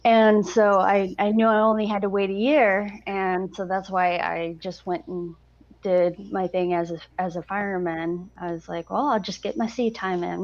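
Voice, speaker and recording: A woman veteran on a casual panel, talking about her past in a rambling, self-deprecating way. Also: on the low side. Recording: lo-fi dull sound.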